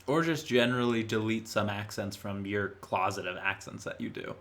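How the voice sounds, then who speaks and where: A man co-hosting a relaxed podcast, tossing out dry wisecracks. His voice sits low but has a bright, forceful edge. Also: normal speed. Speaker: podcast co-host. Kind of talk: casual chat.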